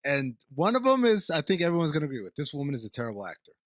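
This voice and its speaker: A man's voice: fairly high pitch, sing-song, racing, fairly bright tone, dry recording, clean studio sound. A man co-hosting a comedy podcast, cracking playful, self-deprecating jokes. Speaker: podcast co-host. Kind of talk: casual comedic chat.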